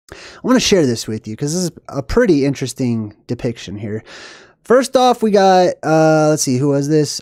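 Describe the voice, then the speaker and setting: A man's voice: medium pitch, dark tone, dry recording, clean studio sound. A man hosting a casual live video, reading passages aloud and then commenting on them in a rambling, thinking-aloud way with many fillers. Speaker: host of a live video on symbolism. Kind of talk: casual explanatory livestream talk.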